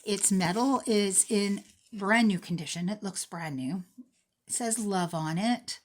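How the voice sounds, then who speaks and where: A thrift jewelry unboxing vlogger in her forties speaks in a mid-range voice at a measured pace. Chatty and self-mocking, she talks to herself as she sorts and prices her thrifted jewelry in casual commentary.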